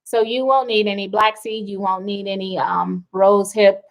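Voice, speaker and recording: A woman's voice: mid-range voice, little pitch movement, normal speed, poor audio. A middle-aged woman hosting a wellness livestream, chatting casually and reading out viewer comments with rambling asides.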